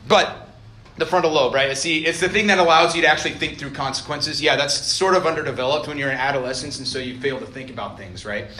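A young man from Idaho gives a relaxed storytelling sermon to a college crowd, chatty and self-deprecating. His voice sits a little high and sounds bright and forceful, carried by a roomy echo with a faint hum of ambience behind it. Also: fast. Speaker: college ministry director preaching. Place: college meeting hall. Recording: echoey hall.

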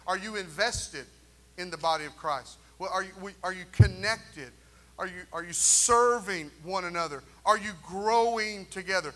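Pastor guy preaching, high bright voice, jokey asides, lots of "right?" and "amen?". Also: moderate pace. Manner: animated preaching with jokes and call-and-response asides. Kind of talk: sermon. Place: church sanctuary.

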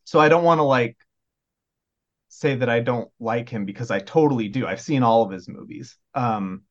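A man's voice: medium pitch, normal speed. Rambling man on a dull lo-fi recording. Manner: rambling, lots of "like" and "um". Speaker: podcast panelist. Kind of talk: casual chat.

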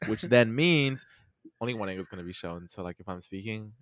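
A teenage boy with a Mexican American accent hosting a casual chat, animated, laughing often and restarting sentences. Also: lowish voice, a little fast, no room sound, clean studio sound. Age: teens. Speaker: podcast host.

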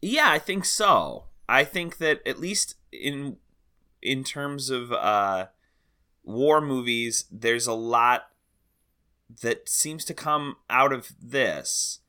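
This time the film-chatting co-host speaks slowly in a mid-range, animated voice with a sharp, clean tone. He's tentative and restarts often, filling gaps with fillers and laughing readily.

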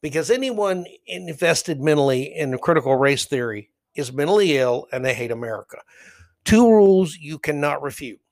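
A man's voice: fairly high pitch, animated, moderate pace, creaky. Blunt, heated man ranting on a podcast. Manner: blunt, heated, rambling storytelling. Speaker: podcast host. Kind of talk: opinionated solo podcast monologue.

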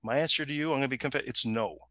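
A middle-aged man spins a funny story in casual chat, his voice bright and forceful. He is animated and laughs often, acting out the people he talks about. The sound is dry and close. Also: medium pitch, fast, no echo.

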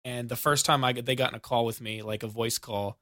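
A man's voice: mid-range voice, fairly even intonation, fairly quick, bright, forceful tone, dry recording, clean studio sound. A young American man telling rambling stories in casual podcast chat, restarting sentences and giggling. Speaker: podcast co-host.

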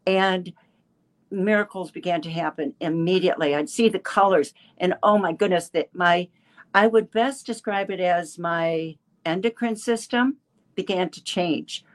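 Woman in her seventies, slow halting talk, lowish voice, a little emotional. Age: 70s. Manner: halting, many restarts and fillers. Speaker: caller sharing a testimonial. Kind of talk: emotional personal testimony.

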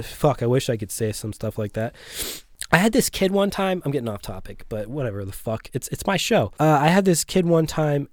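A man's voice: medium pitch, a little mellow, no room sound, studio quality. A young adult man hosting his own show, ranting sarcastically, swearing a lot and rambling off topic. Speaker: host of a one-man rant show. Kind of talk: profane ranting monologue.

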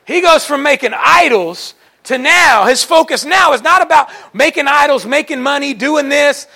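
A male pastor preaching to his congregation with a high, bright voice and a gravelly edge. He tells folksy stories, animated and colloquial, and now and then rises into a shout. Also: moderate pace, few pauses. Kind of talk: sermon. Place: church service before a congregation.

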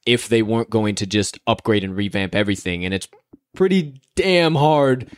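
A man's voice: on the low side, moderate pace, clear, resonant tone, no echo, studio quality. A young man from the Chicago area hosting a sports betting podcast in a casual, upbeat, hype-filled way. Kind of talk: casual chat.

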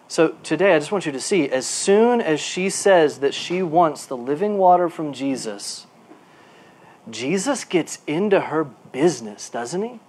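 A male pastor preaching a sermon. His delivery is animated, moving from quiet asides to emphatic bursts, and he repeats words while he looks for a phrase. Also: fairly high pitch, measured pace.

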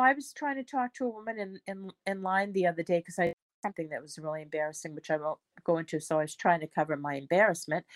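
Older woman guest, chatty stories that restart a lot, middle pitch, dry sound. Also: dry recording. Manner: rambling, with frequent restarts. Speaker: podcast guest. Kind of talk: conversational storytelling.

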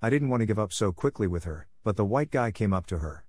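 A man calmly narrating a first-person story in a plainspoken, unhurried way. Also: on the low side, no echo, clean studio sound. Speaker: audiobook narrator.

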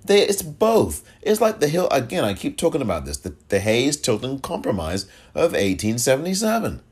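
A man's voice: mid-range voice, breathy edge. A man hosting a solo political podcast, ranting with exasperation, swearing freely and throwing in sarcastic asides. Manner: animated, exasperated, profane, quick sarcastic asides. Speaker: podcast host.

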